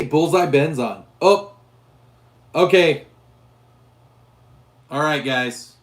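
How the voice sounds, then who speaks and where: Hoarse, rambling gun-channel host, echoey room. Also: male voice, fairly high pitch. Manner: rambling, with frequent restarts and fillers. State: hoarse, losing his voice. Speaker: gun channel host reading live chat. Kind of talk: casual livestream chat.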